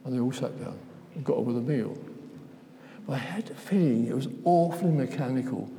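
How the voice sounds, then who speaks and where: An older male preacher delivers an informal sermon in a medium-pitched, slightly fast voice that is creaky and mellow. He is chatty, keeps interrupting himself, and puts questions to the congregation. The church hall gives a long reverb, with a little hiss or hum in the background.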